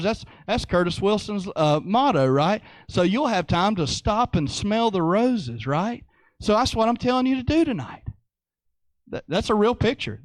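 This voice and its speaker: A man preaches a sermon with lively conviction, returning to key phrases again and again to drive them home. His voice sits a little higher than most men's, and the sound is close and dry. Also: dry recording. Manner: animated, repeats phrases for emphasis.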